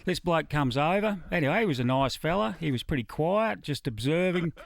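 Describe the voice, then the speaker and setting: A man's voice: on the high side, expressive, a little fast, vocal fry, no echo. A middle-aged Australian man, a musician guest, telling dry, laconic stories in a casual radio interview. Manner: laconic, dry yarn-spinning.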